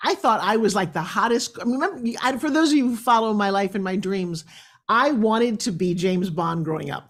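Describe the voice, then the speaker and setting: A middle-aged woman from New York hosting a talk show, enthusiastic and chatty as she tells stories. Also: mid-range voice. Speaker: host.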